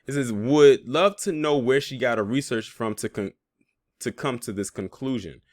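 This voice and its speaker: A man's voice: medium pitch, moderate pace, a little mellow, dry recording, studio quality. A man reading out social media posts and reacting with sarcastic, laughing asides, as host of a commentary channel.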